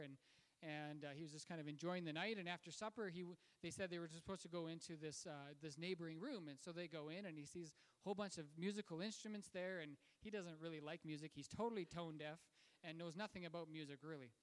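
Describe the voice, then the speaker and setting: A man's voice: a little high, smooth. Man preaching in a reverberant hall. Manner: conversational, with frequent fillers and restarts. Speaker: pastor. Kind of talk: sermon storytelling.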